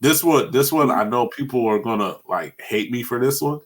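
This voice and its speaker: A young man hosting a casual podcast, telling animated stories, laughing often and acting out what people said. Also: medium pitch, normal speed. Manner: animated storytelling, laughs often, acts out quotes. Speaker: podcast host. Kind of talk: casual chat.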